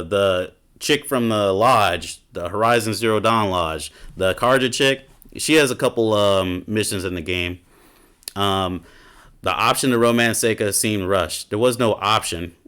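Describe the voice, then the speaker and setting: A man's voice: fairly low pitch, moderate pace, a bit bright. A man doing a casual reaction commentary as a gaming YouTuber, ranting and swearing in an exasperated way.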